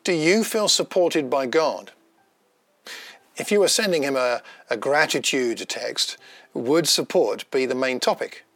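A man giving a gentle, personal devotional talk, unhurried, with small pauses and restarts. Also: mid-range voice, animated, no echo. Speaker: devotional speaker.

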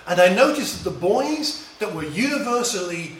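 A middle-aged man from England tells a musing, personal tale of his boyhood, restarting in small ways as he goes. He has a high, sing-song, fairly bright voice at normal speed, recorded from a distance in an echoey room with a little hiss or hum.

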